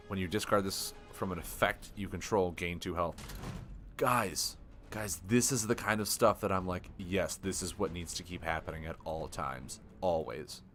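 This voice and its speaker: A man streaming a card game live, thinking aloud with excitable, self-deprecating commentary. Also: deep voice.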